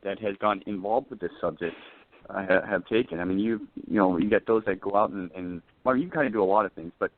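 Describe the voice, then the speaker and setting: A man's voice: sits low, fast, a little hiss or hum. A man hosting a radio interview, speaking hesitantly with many fillers and encouraging his guest. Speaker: radio show host. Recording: dry, phone-like radio line.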